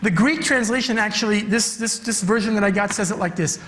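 High-voiced man preaching in reverberant church. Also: a little fast, hardly any pauses, fairly bright tone. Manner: emphatic, repeats key phrases. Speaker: youth director preaching. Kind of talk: sermon. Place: church sanctuary. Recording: long church hall reverb.

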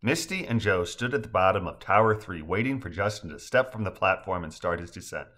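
A man narrating a story aloud in a steady, scripted reading. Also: low voice, a little fast.

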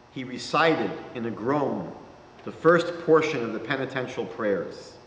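A man, a rabbi giving a lecture, telling a story in a measured, dramatic way. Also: mid-range voice, fairly bright tone. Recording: reverberant lecture hall.

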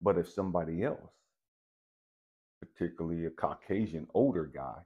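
A man telling a personal story to the camera in an animated, profane, emphatic way. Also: low-pitched, normal speed, breathy edge, highs cut off. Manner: animated, profane, keeps saying "stay with me, I'm going somewhere". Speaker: channel host.

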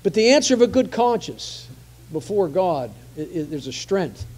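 A man's voice: sits high, very animated, normal speed, a little mellow. A man preaching a conversational sermon, often repeating phrases for emphasis.

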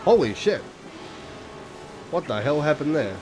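A man's voice: a little high, big pitch swings, a little slow. A man playing a video game and commenting in a rambling, self-deprecating way, swearing often. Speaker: let's play gamer. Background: video game music.

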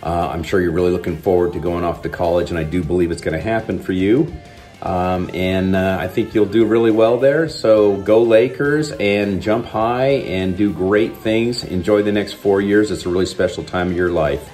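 A man's voice: low voice, fairly even intonation, moderate pace, a little mellow, soft background music. A man, an uncle, giving a casual, easygoing congratulations message with frequent fillers.

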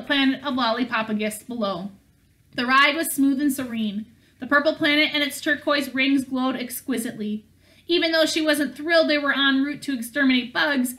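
A woman reads a novel aloud in a steady way, now and then stumbling and starting a phrase again. Her voice is high and bright. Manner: steady reading with small slips and restarts. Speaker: audiobook reader.

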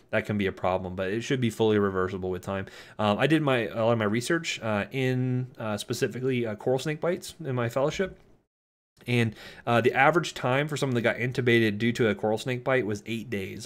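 A middle-aged man from Florida with a light twang delivers a recorded pharmacology lecture. He talks fast in a fairly low voice, padding his points with fillers and side stories. The tone stays casual and conversational. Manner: casual, filler-heavy, anecdotal.

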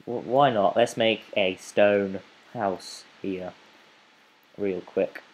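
A man's voice: lowish voice, fairly even intonation, very slow, breathy edge, poor audio. A man giving playful, rambling let's play commentary as a gaming channel host, chatting to the animals in his game.

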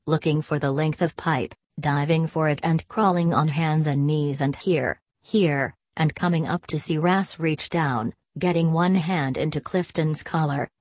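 A woman narrating a novel as an audiobook in a steady, measured storytelling manner. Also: deep voice, no echo. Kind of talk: scripted narration.

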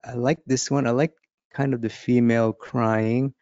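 A man's voice: mid-range voice, little pitch movement, normal speed, a little mellow, no echo, highs cut off. A man teaching a casual drawing lesson. He talks and laughs as he thinks aloud while sketching. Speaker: art instructor.

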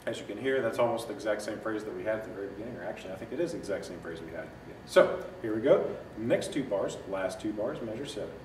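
A music teacher with a lower voice patiently and methodically guides students through a sax part note by note, scatting the rhythm now and then. He talks in a rush with few pauses, recorded from a distance in an echoey room with constant background noise. It's an instructional walkthrough.

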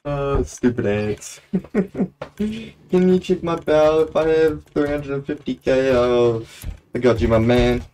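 A man's voice: mid-range voice, lively intonation, slow, pauses often, darkish tone. A young man chatting casually while live-streaming a game, laughing often and breaking into playful auctioneer calls. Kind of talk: live gameplay stream commentary.

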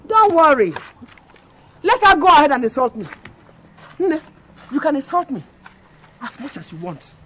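An actress with a Nigerian accent playing a hot-tempered co-wife who taunts and argues, in a film-drama delivery. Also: female voice, sits high, husky, full character voice. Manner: quarrelsome, taunting. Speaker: younger co-wife.

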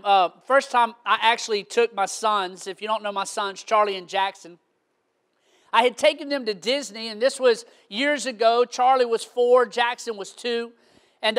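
A man, preaching a sermon as pastor with animated, shouting storytelling. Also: extremely high pitch.

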